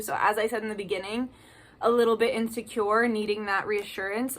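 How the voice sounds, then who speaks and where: A woman's voice: fairly high pitch, normal speed, fairly bright tone. A woman giving a casual tarot card reading, chatty and reading card messages aloud with emphasis.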